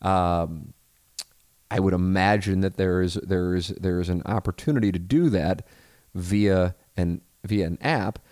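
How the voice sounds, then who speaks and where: A man's voice: sits low, a little slow, darkish tone, dry recording, studio quality. A man hosting a podcast, rambling profanely through a listener email, full of restarts and asides. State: married. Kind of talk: casual rambling monologue.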